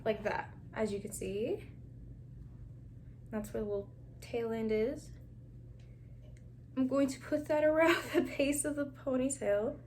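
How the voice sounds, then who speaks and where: A young woman with a fairly high voice talks casually to her viewers while styling her braids. She slips into soft near-whispers as she concentrates. There is a faint hiss in the background. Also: unhurried, long pauses. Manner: chatty, talks straight to viewers as "girl" and "y'all", laughs often; drops to a near whisper while twisting hair. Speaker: hair tutorial vlogger. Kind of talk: casual hair tutorial chat.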